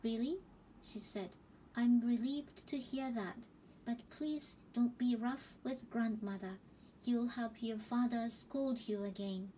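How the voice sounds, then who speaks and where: A woman slowly reading a novel aloud as an audiobook, gentle and unhurried, with small restarts. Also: a little high, far from the mic, a little hiss or hum, low-quality recording. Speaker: audiobook reader. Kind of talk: slow storybook narration.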